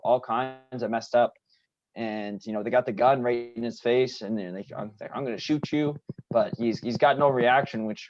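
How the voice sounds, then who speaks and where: A man's voice: fairly low pitch, a little mellow. A man co-hosting a podcast, casually discussing a TV episode in a loose way, full of "you know" fillers. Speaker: podcast co-host. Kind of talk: casual show recap chat. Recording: dry, dull lo-fi sound.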